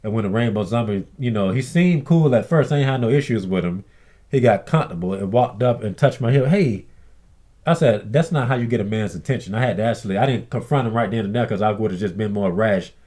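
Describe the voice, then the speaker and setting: Aggrieved man ranting, lowish voice. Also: fairly quick, darkish tone. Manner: aggrieved, blunt storytelling with frequent swearing; acts out others' lines in mimicked voices. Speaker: vlogger. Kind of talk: casual ranting monologue.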